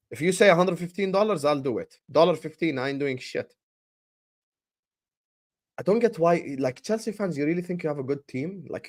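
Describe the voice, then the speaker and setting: Animated slangy man. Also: fairly high pitch. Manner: animated, slangy, repeats his points. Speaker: host of a football transfer stream. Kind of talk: casual live-stream chat.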